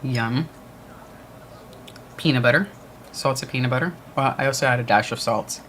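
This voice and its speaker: A livestream co-host with a mid-range, fairly bright voice talks at a moderate pace, with slight background noise present. He chats casually through a watch party and answers the comments viewers post.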